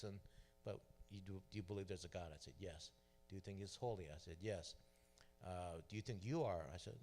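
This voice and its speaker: A man's voice: deep voice, brisk. A middle-aged man sharing a personal testimony at church, telling his story and acting out the dialogue. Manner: storytelling, acts out quoted dialogue. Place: church sanctuary. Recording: long hall reverb.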